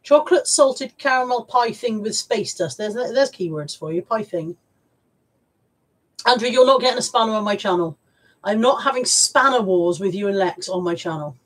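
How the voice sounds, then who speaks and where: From her home amid piles of stuff, a livestream host reads out viewers' comments and chats with them informally, swearing occasionally. Her mid-range voice is animated and keeps a moderate pace.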